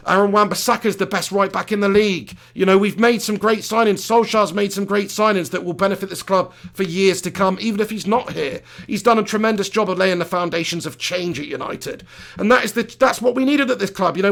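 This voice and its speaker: A man hosts a football fan live stream from a small home studio. His voice sits high and carries a gravelly rasp. He rants with passion, swears freely and breaks off to thank viewers by name. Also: a bit bright. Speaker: live-stream host reacting to a football match.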